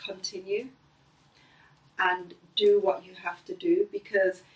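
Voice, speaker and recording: A middle-aged woman, the host's mother, talking gently and earnestly in a casual family conversation. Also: mid-range voice, flat delivery, takes it slowly, far from the mic. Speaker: mother of the host. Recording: echoey room, voice a bit off-mic.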